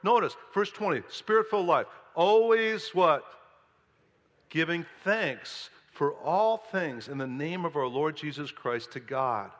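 A man preaching a sermon as pastor, animated and playful, acting out grumbling voices. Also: on the high side, normal speed, few pauses, lo-fi sound. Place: church sanctuary. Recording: long hall reverb.

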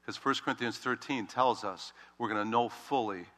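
A male pastor preaching a sermon, telling the story with animated emphasis that swings between loud, urgent lines and hushed, quiet ones. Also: mid-range voice, moderate pace. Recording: long reverb of a large hall.

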